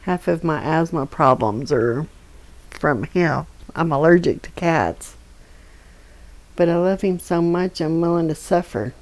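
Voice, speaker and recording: Slow, gravelly low-voiced woman. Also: poor audio. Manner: slow, soft baby talk to her cat. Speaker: streamer. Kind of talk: casual chat with her cat while gaming. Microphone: desk microphone.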